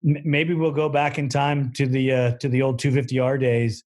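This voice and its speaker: A man's voice: medium pitch, flat delivery, moderate pace, a little mellow. A man hosting a casual interview show, friendly and a bit stammering, laughing along with his guest. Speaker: podcast host.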